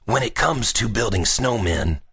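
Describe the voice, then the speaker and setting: A man voicing a smug, bossy boy bully in a children's audiobook, with a slow, sneering, boastful delivery. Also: fairly low pitch, animated, a bit bright, husky, dry recording, clean studio sound, heavily acted.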